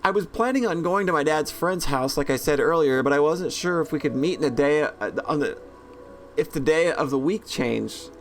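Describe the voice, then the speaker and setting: A man's voice: on the high side, animated, normal speed. A man reading as an anxious, rambling schoolgirl. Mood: earnest. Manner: rambling, self-correcting, plainly read. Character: anxious lovesick teenage schoolgirl writing an email.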